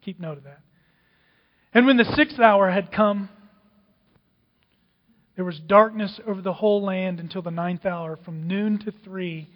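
A man preaching a sermon, dramatic, swinging from loud outbursts to hushed whispers. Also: sits high, measured pace, long pauses. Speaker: pastor. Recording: dull, with long hall reverb.

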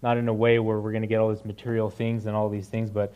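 A man's voice: lowish voice, completely flat delivery, fast talker, warm tone, clean tone, dull audio. A young man giving a casual, conversational sermon, with many fillers and frequent "right?" asides to the listeners. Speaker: preacher.

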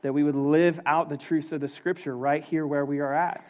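A man's voice: fairly high pitch, little pitch movement, moderate pace. A man pastor preaching a sermon in a loose, conversational way, with many filler words and restarts.

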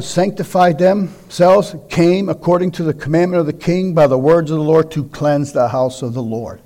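A man with a high-pitched voice preaches to a congregation as a visiting minister. He reads scripture in a measured way, then pushes his points with emphatic, urgent exhortation. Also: a little mellow. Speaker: guest preacher. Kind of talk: sermon with scripture reading.

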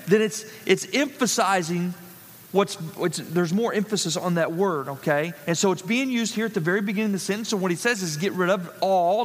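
High-voiced pastor preaching in a reverberant church. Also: male voice, fairly bright tone. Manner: emphatic, repeats key phrases for stress. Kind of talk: sermon. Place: church sanctuary.

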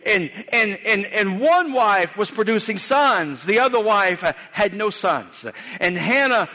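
A man's voice: high voice, pushed and bright, long reverb tail. A male pastor preaching a sermon in a church, folksy and conversational, with asides and frequent restarts. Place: church sanctuary.

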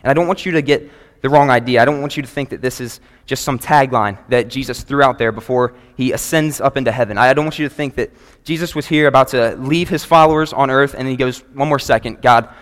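A man preaches earnestly to his congregation, pausing to read scripture aloud in a steady, measured way. His voice sits in a middle register. It rings out with the long reverb of a large church hall. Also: mid-range voice. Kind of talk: sermon. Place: church sanctuary before a congregation.

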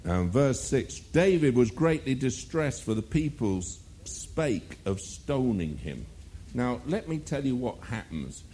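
A man's voice: medium pitch, sing-song, slow, mellow, a little hiss or hum. A male preacher delivering a sermon, firing rhetorical questions and mocking asides.

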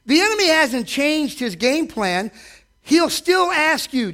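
A man preaching a sermon from a church stage, animated, asking the congregation direct questions and acting out quotes. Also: very high-pitched, measured pace, vocal fry. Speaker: pastor.

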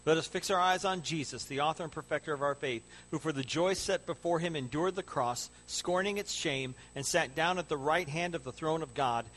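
A man preaching a sermon as a pastor, building to loud excitement and then dropping to hushed, soft tones. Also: fairly high pitch, a little fast, hardly any pauses.

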